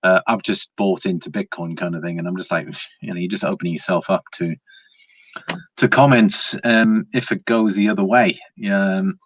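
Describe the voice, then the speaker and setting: A man's voice: sits low, fairly even intonation, normal speed, husky, no room sound. A man hosting a casual live stream, chatting easily and reading viewer comments aloud. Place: indoors at home, evening.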